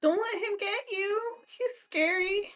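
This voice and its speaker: A woman voicing a frightened, tearful young woman, pleading in a shaky high voice during a tabletop horror game. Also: a little slow, a bit bright.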